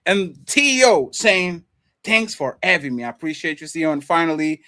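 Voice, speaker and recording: A man co-hosting a casual livestream chat, excitable and profane, laughing often. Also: fairly high pitch, moderate pace. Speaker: co-host.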